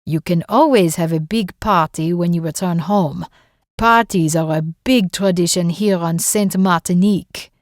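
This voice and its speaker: A woman voicing an older male French judge with a French accent, matter-of-fact and booming, in an audiobook. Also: a little slow, no echo, clean studio sound. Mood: measured.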